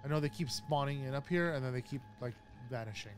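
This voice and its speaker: A man casually narrating his own gameplay, chatty and jumpy, easily startled and quick to laugh at himself. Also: medium pitch. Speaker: gaming YouTuber. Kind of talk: casual let's-play commentary.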